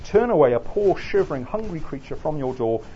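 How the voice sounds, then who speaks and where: A man's voice: a little high, sing-song, a little fast, dark tone, a little hiss or hum. A man reading as an earnest pleading wife. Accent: Oxford English. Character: earnest nineteenth-century wife pleading with her husband. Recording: slightly muffled recording.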